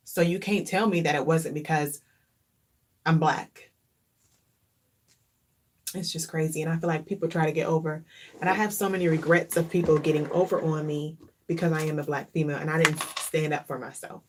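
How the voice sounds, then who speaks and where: A woman vlogger speaks in a casual, heartfelt way, her voice sitting a little low. She turns reflective and openly emotional, often repeating a phrase to drive it home. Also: fairly even intonation, normal speed, long pauses, slight background noise. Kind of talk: casual chat.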